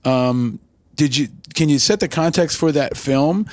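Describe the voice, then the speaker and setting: A man's voice: on the high side, measured pace, darkish tone, no room sound. Effusive male podcast host. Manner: effusive, long rambling questions. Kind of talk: interview questions.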